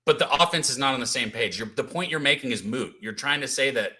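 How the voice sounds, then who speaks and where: A man's voice: medium pitch, quick pace, sharp tone. A man co-hosting a sports radio show, arguing back with dry sarcasm. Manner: argumentative, sarcastic. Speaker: co-host. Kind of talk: sports debate. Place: radio studio.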